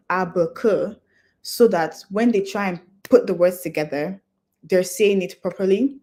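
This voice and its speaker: At a conference, a young adult woman speaks to an audience at an unhurried pace, her medium-pitched voice carrying a dark tone. She has a non-Nigerian English accent and explains things step by step, earnest and practical.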